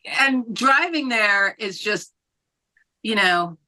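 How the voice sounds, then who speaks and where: Animated, bright-voiced woman guest. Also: medium pitch, takes it slowly. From New Mexico. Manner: animated, chatty, laughs often, swears casually. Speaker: metal band vocalist, podcast guest. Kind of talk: casual interview chat.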